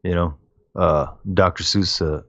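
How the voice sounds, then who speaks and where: A man's voice: low-pitched, fairly even intonation, unhurried, no room sound, lo-fi sound. A man co-hosting a casual podcast, rambling in slangy speech full of fillers and "man". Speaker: podcast co-host. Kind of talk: casual chat.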